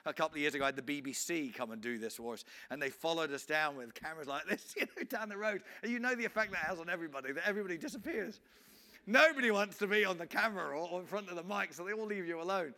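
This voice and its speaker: A man's voice: a little high, expressive, rapid-fire, bright, forceful tone. A man, an evangelist telling a story in a sermon, acting out scenes with frequent restarts. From England.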